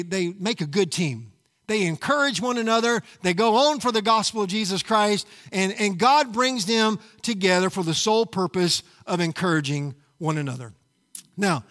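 A man's voice: sits high, pushed and bright, big-room sound. A man preaching a sermon as pastor, emphatic and often calling out to the congregation. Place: church sanctuary.

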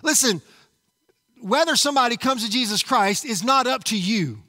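A man's voice: extremely high pitch, lively intonation, normal speed, sharp tone, big-room sound. A man preaching a sermon as pastor, emphatic and often calling out to the congregation. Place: church sanctuary.

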